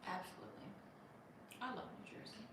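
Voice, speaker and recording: A woman hosting a casual live stream, reading viewer comments aloud in an animated, chatty way and laughing often. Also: fairly quick, distant mic. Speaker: livestream host. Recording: echoey room, voice off-mic, noisy.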